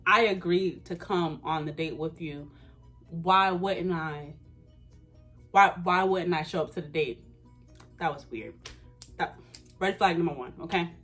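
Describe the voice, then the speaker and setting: A woman's voice: on the low side, unhurried, pauses often, a bit bright, breathy edge, soft background music. A woman in her twenties telling a casual storytime, slangy and emphatic. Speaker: vlogger.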